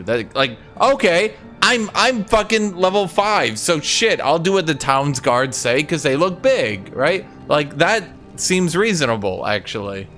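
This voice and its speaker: A man commenting on a game as he plays, rambling and sarcastic and swearing freely. His voice sits a little on the high side. Faint game music plays underneath. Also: very animated, a little slow, few pauses, a bit bright. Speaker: streamer. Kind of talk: casual gameplay commentary.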